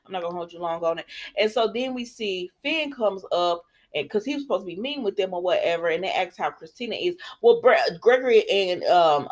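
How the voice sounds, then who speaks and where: A woman casually retelling a soap opera episode in a rambling, chatty way, quoting the characters' lines. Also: on the low side. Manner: chatty, rambling, with many fillers and quoted dialogue. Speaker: soap opera recap host. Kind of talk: casual spoken recap.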